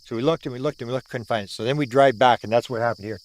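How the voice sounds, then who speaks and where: A man in his sixties from Canada, an older UFO researcher, delivers a rapid-fire account of a sighting in a mid-range voice, standing outdoors at the site. The storytelling is animated: he repeats words for emphasis and mimics what people said.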